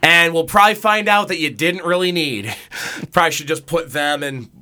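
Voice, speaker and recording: A man's voice: a little high, normal speed, pushed and bright, smooth. A man hosting a casual sports radio show in a studio, giving blunt, exasperated opinions. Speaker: radio talk show host.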